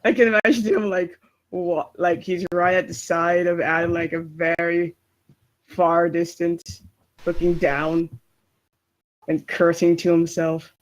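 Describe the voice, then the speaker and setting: A tabletop player describes their character in a slow, faltering way, stopping often to restart. The voice sits in a middle range, unhurried throughout. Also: medium pitch, flat delivery, poor audio. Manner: hesitant, giggly. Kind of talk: casual tabletop play.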